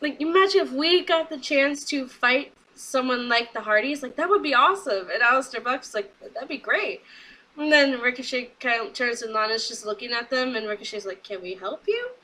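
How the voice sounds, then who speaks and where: A young woman recapping a wrestling show in a casual vlog, chatty and excitable, quoting people in quick asides. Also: high voice, rough recording.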